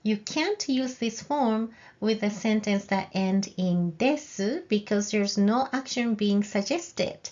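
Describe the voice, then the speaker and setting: This medium-pitched woman sounds animated yet slow, barely pausing, with a slightly mellow tone and trimmed highs. Her slow, clear video language lesson breaks grammar down step by step, and she models phrases with a rising question intonation for learners to repeat.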